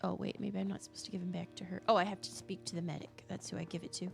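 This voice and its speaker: A woman's voice: on the low side, level tone, very fast, vocal fry, soft background music. A woman streaming a game, chatting casually in a musing, easily fascinated way. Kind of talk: casual live-stream chat while gaming.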